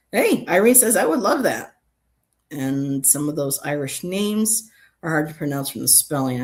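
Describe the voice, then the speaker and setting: A woman's voice: low voice, darkish tone. A middle-aged woman hosting a casual livestream, chatting and reading out chat messages with many ums.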